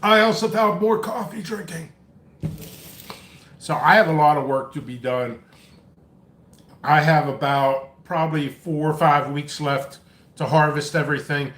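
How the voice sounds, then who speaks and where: Man, vlog host, chatty and scattered, short of breath, pitched a touch high. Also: measured pace, pauses often, fairly bright tone, reverberant. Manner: rambling, coffee-fueled, chatty. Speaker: pepper seed seller and channel host. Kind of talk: casual live-stream chat. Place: indoor home workspace.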